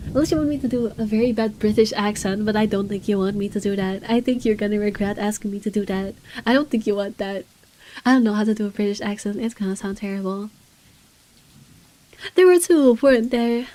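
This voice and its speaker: A woman's voice: mid-range voice, steady tone, fast talker, dark tone. A woman streamer giving casual gaming commentary, rambling, self-deprecating and flustered.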